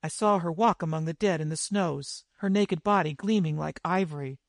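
A man's voice: on the high side, normal speed, no room sound, studio quality, lightly acted. A man reading as a wild-eyed old warrior. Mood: grave. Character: wild-eyed older male warrior, superstitious.

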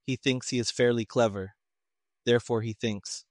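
A calm, detached detective who speaks in a flat, toneless way, as a man reads him out in an audiobook. Every word comes out even and unhurried. The sound is close and dry. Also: medium pitch, no echo, lightly acted.

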